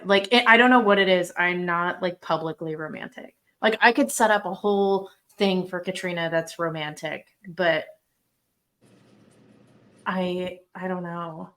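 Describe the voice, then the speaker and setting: This young podcast co-host has a fairly low, slightly bright voice. She chats casually with a friend, laughing easily and sprinkling "like" through what she says.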